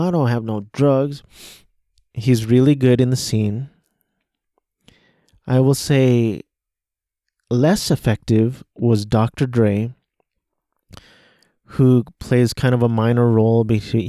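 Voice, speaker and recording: A man hosts a casual solo podcast, talking through a movie he watched in a rambling, hesitant way with many restarts. His voice is mid-range and warm, and the studio-quality recording has no room sound.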